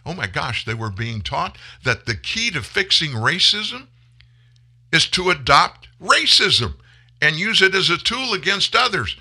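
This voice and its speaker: Fiery, bright-voiced male talk host. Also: big pitch swings, a little slow, slightly rough. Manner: emphatic, rising to loud outbursts then dropping low; addresses listeners as folks. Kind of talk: impassioned political monologue.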